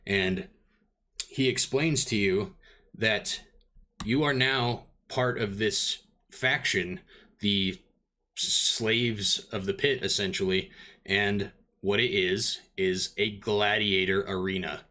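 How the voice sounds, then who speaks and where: Forceful low-voiced male game master. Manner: relaxed, halting narration with many fillers. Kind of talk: narrating a tabletop game.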